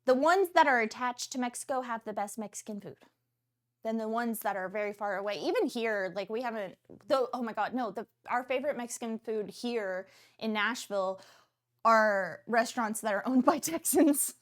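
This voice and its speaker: A woman hosting a casual cooking livestream from her kitchen, chatting in an animated, talkative way with sudden excited outbursts. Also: a little high, moderate pace. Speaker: cooking stream host.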